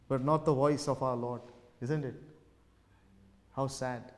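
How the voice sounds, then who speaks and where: A man delivers a sermon in a gospel hall, his voice sitting fairly high for a man. He preaches with emphatic, repeated phrases that swell and then drop away. Long reverb trails behind each line. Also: fairly even intonation, moderate pace, long pauses, a little mellow. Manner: emphatic, repetitive preaching with rising and falling emphasis.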